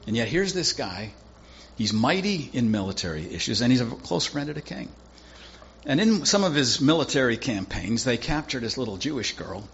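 A man's voice: mid-range voice, a bit bright, highs cut off, a little hiss or hum. A male pastor preaching a sermon in a conversational, folksy storytelling way with casual asides.

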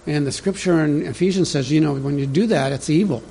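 A man's voice: fairly high pitch, a little fast, vocal fry, dark tone, slight background noise. A man preaching a sermon as pastor, in a conversational teaching manner that speaks directly to the congregation.

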